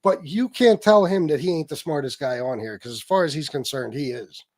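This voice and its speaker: A middle-aged man hosting a casual livestream, telling stories in a profane, mocking and lively way. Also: fairly high pitch, fairly quick, no echo. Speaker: livestream host.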